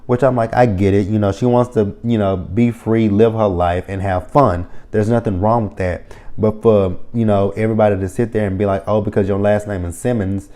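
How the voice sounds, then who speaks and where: A man's voice: lowish voice, fairly even intonation, moderate pace, mellow. A man giving a casual, opinionated TV review, blunt and heavily profane, with lots of fillers like "you know" and "um". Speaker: reality TV reviewer. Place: lives near the area the show covers.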